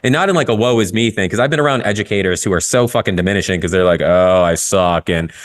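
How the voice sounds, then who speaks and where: A man speaking in a fairly low voice, candid and unfiltered. He tells his story with frequent swearing and animated turns. It is casual podcast talk. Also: very fast. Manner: candid, profane, storytelling, lively. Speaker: guest photographer.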